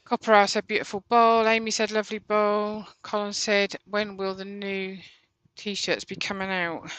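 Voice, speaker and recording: A woman with a clear, bright voice reads viewers' comments aloud and ribs her co-host now and then. Her tone is smooth and crisp, and the sound is dry and close. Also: medium pitch, level tone, moderate pace, no room sound, poor audio. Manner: teasing, reads messages aloud. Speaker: co-host reading out chat comments. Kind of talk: reading viewer comments on a live stream. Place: home workshop.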